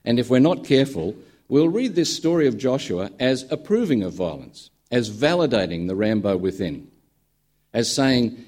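Husky, animated preacher. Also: male voice, fairly low pitch. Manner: conversational storyteller, dry humour. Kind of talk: sermon with a told joke.

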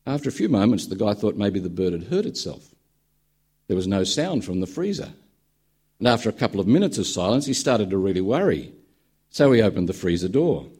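A man's voice: lowish voice, very animated, brisk, a little mellow, slightly rough. A man preaching a sermon in a conversational storytelling manner, with dry humour. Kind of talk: sermon with a told joke.

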